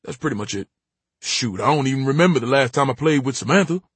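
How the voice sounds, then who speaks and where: A man reading an audiobook, voicing a gruff, guarded blind old grandfather with a terse, matter-of-fact drawl. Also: mid-range voice, expressive, fast talker, no echo. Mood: confiding.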